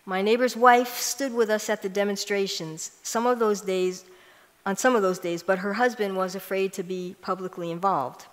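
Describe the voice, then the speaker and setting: A woman's voice: medium pitch, fairly even intonation, normal speed. A woman giving a prepared conference talk, telling a personal story earnestly and stressing key lines. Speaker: conference speaker. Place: large church hall. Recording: long hall reverb.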